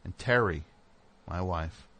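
A middle-aged man hosting a show, telling a casual story and acting out the people in it with sudden loud outbursts. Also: sits low, slow pace. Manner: animated, acts out voices with loud outbursts. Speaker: host.

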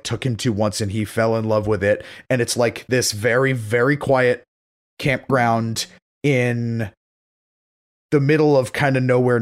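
A man from Massachusetts chatting casually. He rambles and leans on "like", with casual swearing. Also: medium pitch. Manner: rambling, filler-heavy, casually profane. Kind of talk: casual chat.

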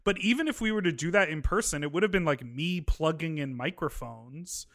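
A man's voice: a little high, a little fast, fairly bright tone. A man in a casual chat on a video call, rambling and chatty with lots of filler words. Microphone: remote video call.

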